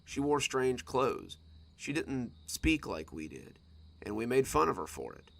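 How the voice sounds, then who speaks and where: Gravelly man reading a spooky story. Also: medium pitch, measured pace. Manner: dramatic, expressive storytelling. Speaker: storytime narrator. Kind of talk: scripted horror story reading.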